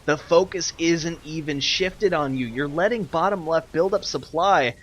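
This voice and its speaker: A young man who casts and streams a live online strategy game rants in exasperation, swinging between loud outbursts and muttered asides. His voice is on the high side and a little slow.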